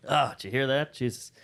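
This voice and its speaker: A male comedian telling stories in a casual interview, acting out quotes and swearing freely. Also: medium pitch. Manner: animated storyteller, acts out quotes, swears freely. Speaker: comedian guest.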